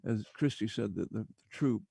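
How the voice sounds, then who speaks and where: A man hosting a talk show, speaking haltingly with frequent restarts. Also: fairly low pitch, gravelly, warm tone, breathy edge, dry recording. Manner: halting, repeats and restarts words. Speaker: show host. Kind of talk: casual talk show chat.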